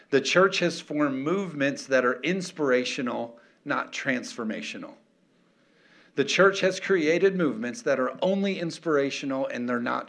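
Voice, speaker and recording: A middle-aged male pastor preaching emphatically, firing off rhetorical questions and calling for amens. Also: mid-range voice. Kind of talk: sermon.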